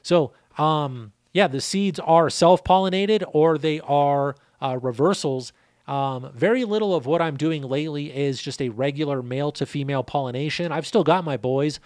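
Brief: casual male host, slightly higher pitch, dry close sound, easygoing and profane. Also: normal speed, darkish tone, no echo. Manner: laid-back, swears casually, repeats numbers. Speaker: seed breeder and channel host. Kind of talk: casual answering of a viewer question.

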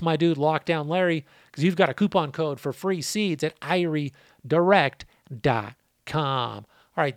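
A man's voice: a little high, no room sound, clean studio sound. A man hosting a casual podcast, answering listener questions in a laid-back, profane, rambling way, his voice worn out. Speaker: podcast host.

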